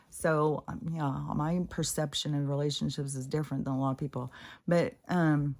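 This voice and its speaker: A woman's voice: low-pitched, steady tone, moderate pace, a little mellow. A woman telling a personal story in a casual, candid way, exasperated and freely swearing. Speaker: spiritual vlogger.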